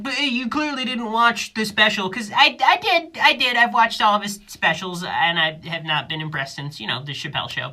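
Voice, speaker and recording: A woman's voice: medium pitch, bright, forceful tone. A woman telling a string of corny jokes in a self-mocking way, stumbling over her own punchlines. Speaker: comedian. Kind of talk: comedy monologue.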